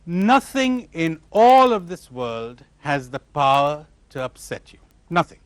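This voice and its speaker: A man giving a spiritual lecture to a live audience, animated and questioning his listeners, acting out imagined replies. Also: on the high side, slow pace, no echo. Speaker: spiritual teacher.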